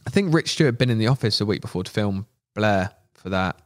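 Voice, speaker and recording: A man, a podcast guest, telling animated anecdotes in casual chat, swearing freely and acting out quoted voices. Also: on the low side, quick pace. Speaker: podcast guest, media manager.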